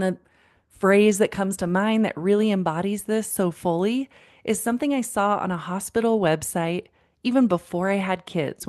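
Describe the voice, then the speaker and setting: A woman's voice: fairly low pitch, darkish tone. A woman in her thirties hosting a parenting podcast as a counselor, talking conversationally and calling the listener "friend" while retelling client conversations. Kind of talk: warm direct-address podcast talk.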